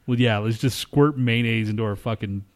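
A man co-hosting a podcast in casual banter, swearing a lot and protesting in a voice that jumps up high. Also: normal speed. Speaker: podcast co-host.

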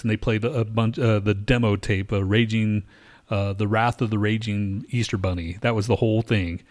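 A man's voice: fairly low pitch, darkish tone. A man co-hosting a casual chat, telling a long profane story and acting out what people said. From lives in Denver. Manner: profane, rambling, acts out quotes.

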